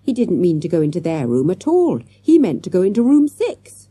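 A woman voicing a sharp, excitable schoolboy who plays detective. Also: lowish voice, fairly quick, slightly rough, dry recording, voice pushed up, full character voice. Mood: eager.

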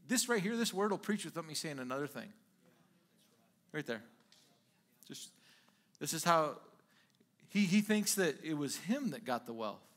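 A male pastor preaching a conversational sermon, dropping in frequent "okay?" asides and animated retellings of scripture. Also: fairly high pitch.

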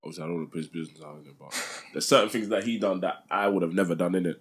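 A young man speaks in a fairly low voice during a podcast chat. He is laid-back and loose, and he tags "innit" onto almost every sentence. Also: rapid-fire. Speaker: podcast co-host. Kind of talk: casual chat, storytelling.

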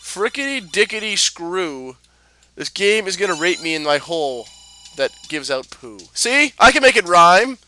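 Excitable, profane guy, bright voice. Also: high-pitched, normal speed, slight background noise. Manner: profane, excitable, self-mocking. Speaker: let's play host. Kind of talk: let's play commentary.

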